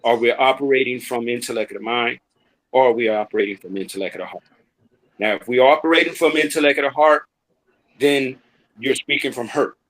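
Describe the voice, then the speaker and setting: A man on a live talk stream, speaking in a reflective, advice-giving way. His voice is bright and forward, with a middle-range pitch. He talks casually, like he is sharing hard-won wisdom with friends. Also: low-quality recording. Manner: reflective, gives advice in measured sayings. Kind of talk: casual chat.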